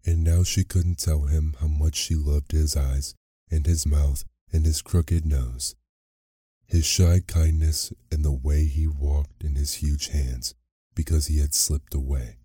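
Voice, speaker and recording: A man narrating a fairy tale as a sleep story, reading in a slow, soothing, soft way. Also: a bass voice, steady tone, breathy edge, no echo, clean studio sound.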